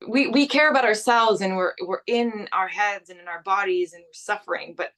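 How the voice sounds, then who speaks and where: Young canadian woman, chatty guest, lots of restarts, mid pitch. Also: normal speed, fairly bright tone. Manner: chatty, many restarts and fillers. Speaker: guest actress. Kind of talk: casual interview chat.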